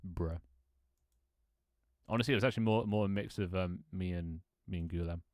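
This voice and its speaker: A man in his twenties talks through his stream in a loose, rambling way, laughing at himself and swearing now and then. His voice sits very low. The sound is dry and close, captured on a desk microphone. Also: fairly quick, darkish tone, no room sound. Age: 20s. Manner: rambling, self-mocking, laughs often, swears casually. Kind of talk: casual live-stream chat.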